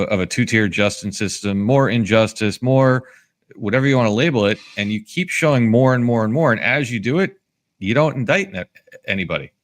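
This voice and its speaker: A man from the United States who hosts a talk show, speaking earnestly in casual discussion and agreeing with his guest. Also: medium pitch. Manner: earnest, agreeing, quick to jump in. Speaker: show host.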